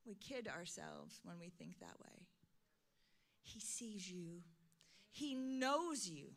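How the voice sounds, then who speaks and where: A middle-aged woman pastor preaching a sermon, swinging from soft, intimate lines to loud, emphatic calls. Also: lowish voice, huge pitch swings, takes it slowly.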